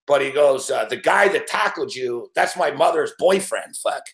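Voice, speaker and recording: A man's voice: mid-range voice, normal speed, creaky, reverberant. A man telling rowdy stories in a casual chat, swearing constantly and laughing as he goes. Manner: profane, animated storyteller who laughs often. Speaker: show host.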